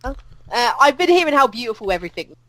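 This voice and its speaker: Une femme à l'britannique, co-animatrice d'un podcast, qui bavarde en passant d'une idée à l'autre. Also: female voice, a little high, sing-song, fast talker, bright, forceful tone, dry recording, poor audio. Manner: chatty, jumps between thoughts. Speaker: podcast co-host. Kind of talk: casual chat.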